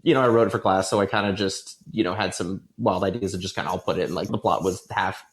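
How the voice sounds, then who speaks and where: A man in his thirties speaks with a somewhat low voice in a casual interview. He tells stories in an animated way and breaks into laughter often. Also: fast talker. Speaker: guest novelist and musician.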